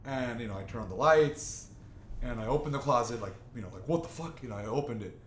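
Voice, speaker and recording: A man's voice: mid-range voice, expressive, fast talker, a little hiss or hum. A young man telling a long, rambling, profane story in casual chat with friends, restarting his sentences often. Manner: rambling, profane, self-interrupting. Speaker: podcast host. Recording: echoey room, faint ambience.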